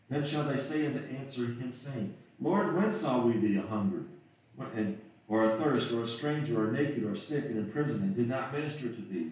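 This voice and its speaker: Man preaching a sermon, kinda low voice, mic far off in a big echoey room. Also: moderate pace, darkish tone. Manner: reads King James scripture aloud, then asks pleading rhetorical questions. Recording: roomy echo from a distant mic.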